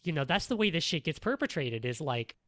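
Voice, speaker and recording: A man's voice: a little high, very animated, a little fast, fairly bright tone, no room sound. A man co-hosting a casual podcast discussion, talking in long rambling sentences full of fillers and restarts. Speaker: podcast co-host.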